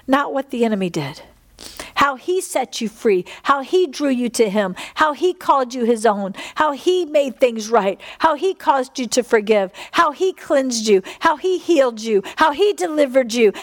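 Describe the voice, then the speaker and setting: A woman's voice: high-pitched, expressive, moderate pace. A woman preaching and praying fervently to a congregation, repeating phrases and exhaling between lines. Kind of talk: sermon with prayer. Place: church service with congregation.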